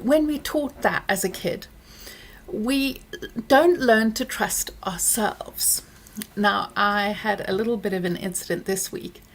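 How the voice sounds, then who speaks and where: A middle-aged woman vlogger speaks candidly to camera, reflecting on parenting. Her voice jumps high when she replays heated exchanges. Recorded indoors on a close camera mic. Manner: candid, reflective, recounts dialogue with lively pitch swings. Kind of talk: casual chat to camera.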